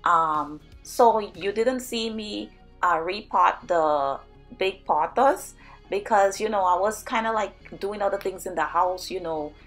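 A woman's voice: mid-range voice, a little slow, faint music behind. A woman narrating a home plant vlog in a cheerful, chatty, enthusiastic way. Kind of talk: casual voice-over vlog narration.

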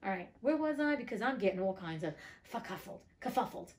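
Lady reading a fairy tale aloud, cuts in with sassy cussing asides, middle pitch that jumps way up when she gets worked up. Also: expressive, brisk, darkish tone. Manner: blunt, profane, indignant asides. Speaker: audiobook reader and host.

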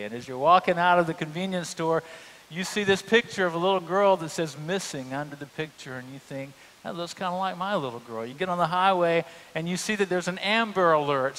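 A man's voice: on the high side, a bit bright. A male pastor, preaching a sermon in a humorous, conversational storytelling way. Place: church sanctuary. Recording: long church reverb.

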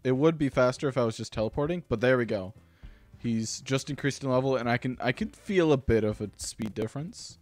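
A man hosting a gaming channel, giving rambling, self-deprecating let's-play commentary with sudden excited outbursts. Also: medium pitch, brisk, dry recording, faint music behind.

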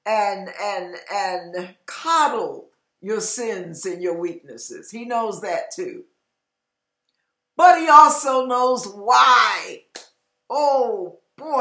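A woman preaching an emotional sermon, fervent and emphatic, sometimes breaking into loud cries. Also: mid-range voice, echoey room. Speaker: online preacher.

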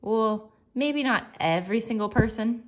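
A woman reading aloud as a gentle, earnest foster mother in a storybook. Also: on the high side, measured pace, voice pushed up, natural voice. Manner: tender, earnest, insistent. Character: gentle, loving foster mother, warm-hearted.

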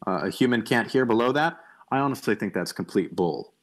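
Over a voice call on a computer mic, a young man gives a casual online lecture, thinking aloud with frequent restarts, fillers and blunt, opinionated asides. His voice is lowish, animated and a little fast.

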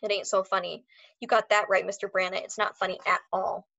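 A man's voice: high-pitched, little pitch movement, brisk, gravelly, sharp tone, muffled recording, exaggerated voice. A woman voicing a sarcastic, snarling corporate executive on a storybook reading.

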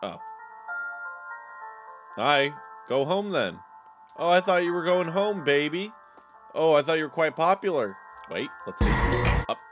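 A man's voice: fairly high pitch, very animated, a little slow, pauses often, faint music behind. A man giving casual, joking let's-play commentary, reading game dialogue aloud and muttering to himself as he plays. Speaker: gaming YouTuber.

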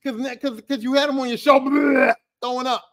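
A man's voice: very high-pitched, fairly even intonation, fast, a bit bright. A man hosting a podcast alone, ranting in a heated, profane, repetitive way. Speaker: podcast host. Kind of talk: angry solo podcast rant.

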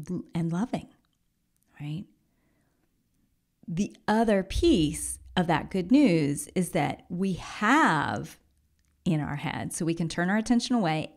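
A woman hosting a solo podcast as a coach, talking in a gentle, encouraging way and often dropping into a soft whisper. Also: lowish voice, creaky. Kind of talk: reflective solo podcast talk.

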